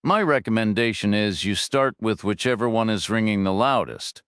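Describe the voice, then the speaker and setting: A man's voice: lowish voice, expressive, moderate pace, fairly bright tone, clean tone, no room sound, clean studio sound. A man voicing a furious middle-aged finance director who screams, pants and sneers sarcastically, in a storybook reading. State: out of breath.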